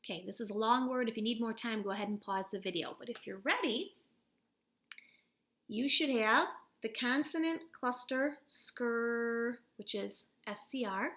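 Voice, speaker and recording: A woman with a bright, clear voice, teaching a recorded spelling lesson from home. She speaks patiently and encouragingly, sounding words out part by part. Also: fairly high pitch, moderate pace.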